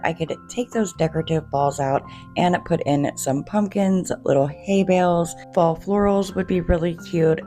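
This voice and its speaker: A woman narrating a casual DIY craft tutorial in a chatty, gushing way, her voice slightly hoarse. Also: on the low side, mellow. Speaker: DIY home decor creator.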